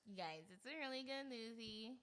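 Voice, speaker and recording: A woman's voice: a little high, expressive, moderate pace, a bit bright, clean tone. A young woman hosting a podcast in a casual, playful, chatty way. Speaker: podcast host. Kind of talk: casual chat.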